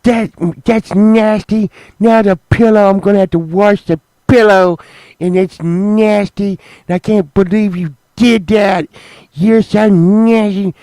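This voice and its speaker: A man voicing an indignant, disgusted woman in a high, whiny voice while telling a comic story. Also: unhurried, a bit bright, clean tone, no room sound, low-quality recording. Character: indignant disgusted adult woman, easily offended.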